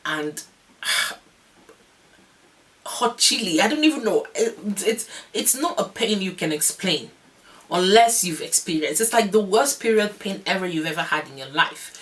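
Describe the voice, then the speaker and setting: A young woman vlogger telling a long story in a casual, animated, rambling way, often laughing. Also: lowish voice, measured pace. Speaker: vlogger, new mother.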